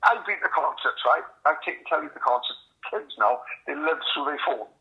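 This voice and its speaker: A man's voice: fairly high pitch, expressive, fairly quick, vocal fry, dull audio. A man in his forties, a podcast host, rambling through a story in casual chat and swearing constantly. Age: 40s.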